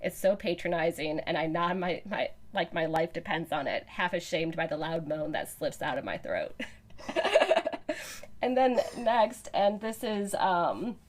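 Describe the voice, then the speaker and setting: A woman's voice: fairly low pitch, animated, moderate pace, hardly any pauses. Chatty woman podcast host, laughing often. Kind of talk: casual chat.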